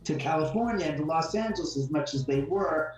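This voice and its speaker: A man's voice: on the high side, a little fast. A chatty man guesting on a show, telling stories with energy and slipping into the voices of the people he quotes. He sits some way from the microphone in a strongly reverberant room. Faint music plays behind him. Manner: talkative, animated, acts out quotes. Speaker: homeowner guest. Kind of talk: casual conversational storytelling. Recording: very echoey room, far from mic, faint music.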